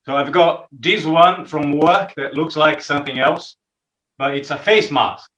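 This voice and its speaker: Man, non-native English accent, bright tone, casual church update, dry humor. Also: a little high, a little slow, echoey room, muffled recording. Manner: chatty, self-deprecating humor. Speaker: church member giving an update. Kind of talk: casual livestream talk.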